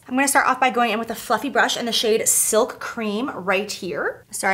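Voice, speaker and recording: A young woman chatting casually through a makeup tutorial, gushing over products and sometimes dropping to a soft near-whisper. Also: medium pitch. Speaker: beauty vlogger.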